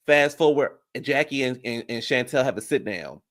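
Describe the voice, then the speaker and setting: Man, mid-range voice, casual chatty recap, animated and profane, pops into high falsetto for quotes. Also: moderate pace. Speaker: reality TV commentator.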